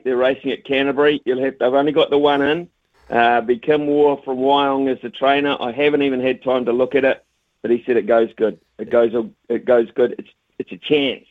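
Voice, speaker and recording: A man's voice: mid-range voice, steady tone, fairly quick, no room sound. A man, a cricket commentator chatting as a radio guest, stammering and repeating his words. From New Zealand. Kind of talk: casual radio phone interview. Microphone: phone. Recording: tinny phone line, dry.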